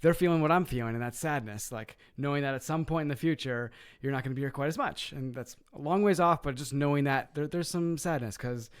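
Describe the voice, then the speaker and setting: A man's voice: on the high side, brisk, few pauses, clear, resonant tone. A man, an associate pastor, talking in upbeat casual chat and laughing easily.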